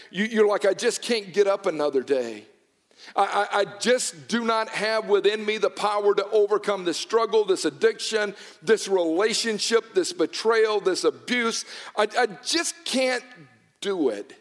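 A man preaching a sermon to a congregation, dramatic and impassioned, with stammered repetitions when he gets intense. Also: high-pitched. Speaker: pastor. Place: church hall. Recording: long hall reverb.

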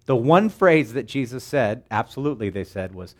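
A pastor preaches with lots of energy and humor, his voice sitting at an ordinary middle pitch. He jumps into little impressions of the people he talks about, then drops back into plain conversational preaching. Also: moderate pace. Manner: animated, jokey, acts out quoted voices. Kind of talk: sermon.

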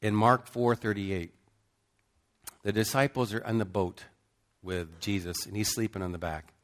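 A middle-aged man preaching, telling a story with emphatic swings between loud bursts and hushed, slow passages. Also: on the low side, steady tone. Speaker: pastor. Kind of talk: sermon storytelling.

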